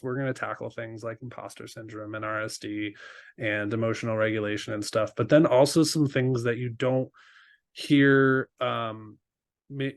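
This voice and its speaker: A man's voice: medium pitch, vocal fry, no room sound. A man, a guest coach on a podcast, talking casually with many fillers and restarts and laughing easily. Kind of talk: casual interview chat.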